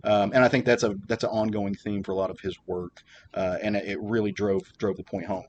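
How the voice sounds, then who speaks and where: A man's voice: fairly low pitch, level tone, fairly quick, dull audio, a little hiss or hum. A man hosting a podcast, chatting casually with lots of fillers and restarts. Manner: rambling, many fillers and restarts. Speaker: podcast host. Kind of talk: casual chat.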